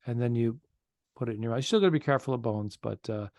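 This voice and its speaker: A man from Rhode Island co-hosting a casual comedy podcast over a video call, rambling with halting restarts and fillers. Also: mid-range voice, a little mellow, no room sound, clean studio sound. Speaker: podcast co-host. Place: remote call, traveling abroad.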